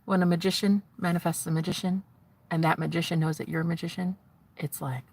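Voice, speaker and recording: A woman hosting her own livestream, rambling dreamily and swinging from giggly to hushed. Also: fairly low pitch, little pitch movement, fast talker, breathy edge, no room sound. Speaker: livestream host. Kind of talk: rambling live-stream chat.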